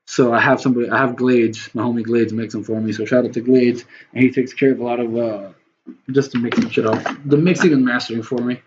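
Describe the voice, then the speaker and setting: Dude making beats on a stream, rambly and chill, kinda dull lo-fi audio with a little hiss. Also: male voice, mid-range voice, steady tone, quick pace. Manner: rambling, loose and profane, talks to chat viewers. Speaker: music producer streaming a beat-making session. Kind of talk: casual livestream talk while producing. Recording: slightly dull lo-fi stream audio with faint noise.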